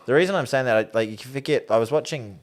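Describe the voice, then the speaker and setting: A man's voice: mid-range voice, rapid-fire. A man in his forties with a New Zealand accent, co-hosting a casual rugby podcast and telling stories with quoted voices. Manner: animated storyteller, acts out quotes in raised voices. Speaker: podcast co-host. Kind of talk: casual chat.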